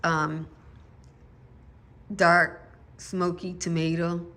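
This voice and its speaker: A woman's voice: fairly low pitch, little pitch movement, drawn-out words, fairly bright tone. A woman gardening vlogger chatting casually and musing aloud, with self-deprecating asides. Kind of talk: casual chat.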